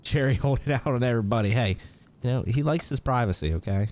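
A man's voice: medium pitch, quick pace, a little mellow, a little hiss or hum. A man hosting a live stream, reading out viewer names and chatting casually with frequent chuckles. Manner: reads viewer names aloud, chuckles often. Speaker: livestream host.

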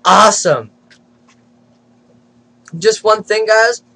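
A man's voice: high voice, takes it slowly, sharp tone. A man hosting a casual prank video chat, giggling and teasing strangers on camera. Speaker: channel host.

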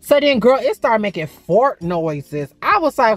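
A woman's voice: fairly high pitch, big pitch swings, measured pace. A woman telling a frank, profane story in a casual vlog, chatting to viewers as "girl" and "baby".

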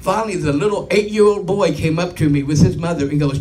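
Stand-up comic, middle-aged man, somewhat high voice, deadpan rambling delivery, mic a little far with faint noise. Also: fast talker, few pauses. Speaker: stand-up comedian. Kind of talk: stand-up comedy set.

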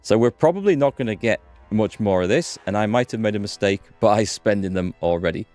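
A man's voice: lowish voice, a little fast, a little mellow, no room sound, faint music behind. A man hosting a gaming channel, chatting and thinking aloud as he plays. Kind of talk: let's-play commentary.

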